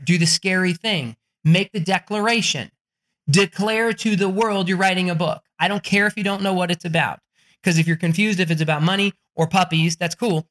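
A man's voice: high voice, a bit bright. A man, a podcast guest, giving a blunt, profane motivational pep talk.

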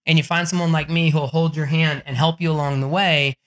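Excitable and jokey, a middle-aged man talks fast on a podcast, where he's being interviewed as an author and book coach. He curses freely and leans into a sales pitch.

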